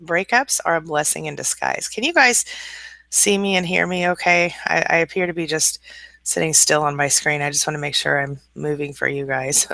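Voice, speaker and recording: A woman's voice: low-pitched, moderate pace, gravelly, sharp tone, no room sound. A woman hosting a casual live-stream hangout, greeting viewers by name and reading their comments aloud. She says she is a little tired this morning. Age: adult with school-age children.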